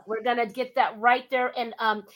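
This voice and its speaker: A high-voiced woman from California hosts an interview chat. She is animated and affirming, often jumping into playful voices. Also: moderate pace, highs cut off. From West Covina, California. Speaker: show host.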